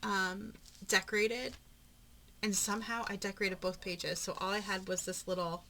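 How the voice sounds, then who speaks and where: A woman vlogging as she flips through her craft journal, chatting in a rambling, talkative way with frequent soft murmured asides. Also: medium pitch, flat delivery, normal speed, slight background noise. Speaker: papercraft vlogger. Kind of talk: casual chatty narration during a journal flip-through.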